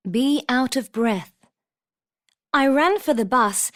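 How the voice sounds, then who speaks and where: Slow, higher-voiced woman reader. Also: expressive. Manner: slow, clear, deliberate reading. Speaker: textbook audio reader. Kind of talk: scripted vocabulary reading.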